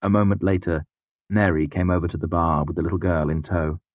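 Deep guy narrating an audiobook, measured and even, dry sound. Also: no room sound. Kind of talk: scripted narration.

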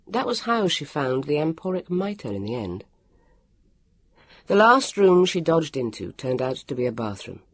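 A man reading a storybook aloud, with a lively, expressive delivery and acted voices. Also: fairly high pitch, normal speed, no echo. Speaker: audiobook narrator. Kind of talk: storybook narration.

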